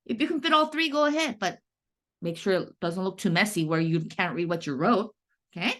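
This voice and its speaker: A woman's voice: mid-range voice, expressive, a little fast, fairly bright tone. A woman teaching a first grade writing lesson, patient and sing-song, stretching out key words for young children.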